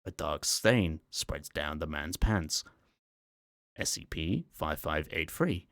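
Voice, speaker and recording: Deep, slow-reading calm male narrator. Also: dry recording, studio quality. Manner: calm, measured, matter-of-fact. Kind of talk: ASMR story reading.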